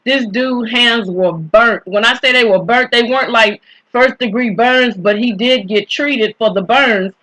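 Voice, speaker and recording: A woman telling a personal story in a casual, indignant, conversational way, often clearing her throat. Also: a little high, unhurried, sharp tone, rough recording.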